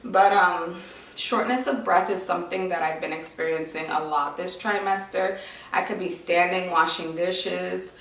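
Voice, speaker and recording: A young vlogger gives a casual update, chatty and full of "like" and "um" fillers, sounding a little short of breath. Her voice is medium-pitched and a little slow, recorded in an echoey room somewhat far from the mic.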